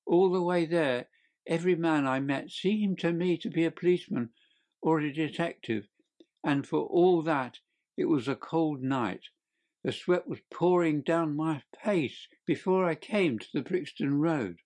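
A man's voice: measured pace, a little mellow, lightly acted. A man voicing a panicked young male thief who pleads and confesses in a crackling voice in an audiobook reading. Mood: confessing. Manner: shrill, pleading, desperate. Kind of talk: audiobook character voice.

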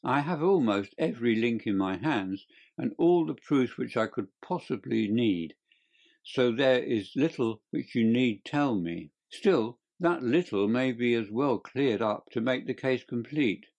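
Man doing a stern, low-voiced detective. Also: lively intonation, gravelly, darkish tone, lo-fi sound. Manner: stern, measured, authoritative. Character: stern, cool male detective, commanding. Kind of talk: audiobook character voice.

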